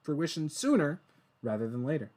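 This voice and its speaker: Casual excitable guy hosting a game talk show, voice sits a bit high, rambles. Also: normal speed. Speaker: podcast host. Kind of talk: casual interview chat.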